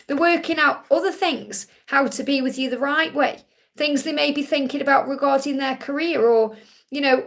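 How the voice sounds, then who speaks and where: A woman hosting a live Q&A, giving spiritual readings in a soothing, reassuring way. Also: high voice. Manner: soothing, reassuring, repeats phrases. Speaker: psychic reader hosting a live Q&A.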